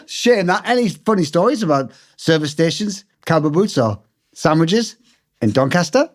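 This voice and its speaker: A man's voice: on the high side, sing-song, moderate pace. A man co-hosting a podcast in casual chat, teasing his partner with running jokes. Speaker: podcast co-host.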